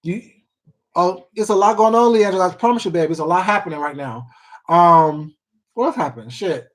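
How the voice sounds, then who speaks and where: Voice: medium pitch, normal speed. A livestream host chatting casually to viewers, gossiping with lots of swearing and repeats and calling people baby and sweetheart. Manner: rambling, profane gossip with many repeats and fillers. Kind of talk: casual livestream chat reading viewer comments.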